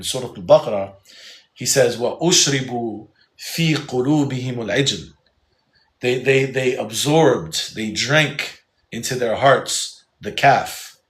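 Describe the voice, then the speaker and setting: A man's voice: medium pitch, echoey room. A man teaching a live Quran class, casual and joking, often restarting his sentences.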